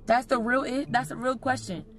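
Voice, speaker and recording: A woman's voice: on the high side, moderate pace, a bit bright, faint music behind. A woman in casual chat, blunt and irritated, swearing and using casual slang. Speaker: friend and prank target.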